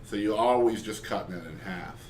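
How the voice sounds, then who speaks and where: A man's voice: on the low side, fairly quick. A man hosting a casual interview, joking and bantering playfully with his guests. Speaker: podcast host. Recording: roomy, distant mic, faint noise.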